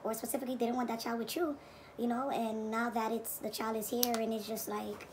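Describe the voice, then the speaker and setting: Woman, reaction host, fairly high voice, preachy, repeats herself for emphasis. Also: flat delivery, fairly quick, noisy background. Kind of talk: reaction commentary.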